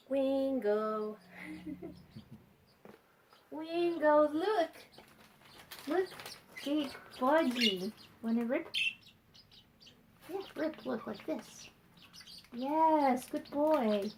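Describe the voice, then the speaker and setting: A woman vlogging at home beside her birdcages, chatting playfully and cooing at her pet birds in a high, sing-song voice. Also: lively intonation, very slow, long pauses, darkish tone, a little hiss or hum. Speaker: bird owner and vlogger.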